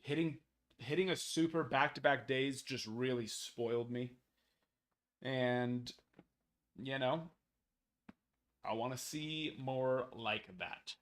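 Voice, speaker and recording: A man hosts a casual live stream from home, drawling along at an easy, unhurried pace. His talk is chatty and playful, and it turns soft and cooing whenever he comforts a child nearby. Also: medium pitch. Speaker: card break host.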